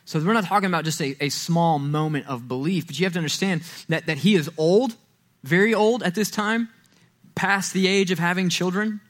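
A man preaching a sermon in a church, talking casually, acting out quoted voices and getting louder and higher when he stresses a point. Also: fairly quick. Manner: conversational, acts out quoted voices, rises loud and high when stressing. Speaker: pastor. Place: church sanctuary.

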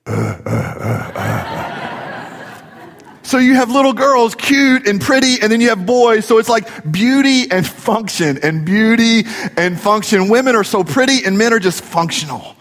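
A middle-aged man preaches with a high, light voice, mixing jokes and family stories into his sermon. His words ring out with a long hall reverb around them. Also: normal speed, a bit bright. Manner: jokey, storytelling preacher. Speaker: pastor.

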